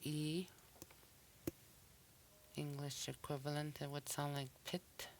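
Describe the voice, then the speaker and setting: This is a language teacher working through a recorded pronunciation lesson, saying each sample word and then repeating it. The delivery is extremely slow and the pitch stays flat and level. A faint hiss sits under the voice.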